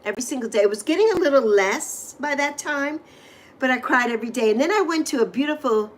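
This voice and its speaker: A middle-aged woman hosts a livestream, speaking directly to viewers through a desk microphone in a heartfelt chat. She talks in an effusive, emotional, repetitive way. Her voice is high and a bit bright.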